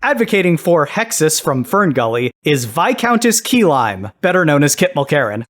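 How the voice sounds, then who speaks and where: A man's voice: on the high side, big pitch swings, moderate pace, fairly bright tone. A man hosting a comedy podcast, reading a scripted comic story with playful dry asides. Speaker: podcast host.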